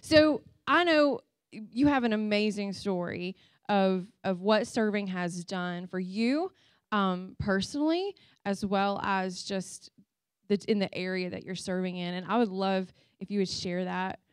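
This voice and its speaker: A woman's voice: mid-range voice, a little slow, smooth, no echo. Upbeat woman interviewing at church, dry sound. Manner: upbeat, encouraging. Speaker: church ministry leader interviewing a volunteer.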